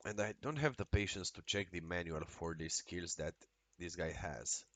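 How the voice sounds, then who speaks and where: A man streaming a video game, talking casually and excitably with lots of swearing and exclamations. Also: low-pitched, moderate pace, no room sound. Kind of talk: casual live-stream commentary while playing.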